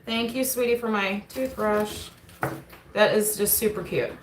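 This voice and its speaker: A woman's voice: medium pitch, a little slow, noisy background. A woman hosting a casual livestream mail call from her table at home, chatting and often breaking off to talk to her kids. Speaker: homestead channel host and mother. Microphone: camera on the table. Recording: roomy echo in a home.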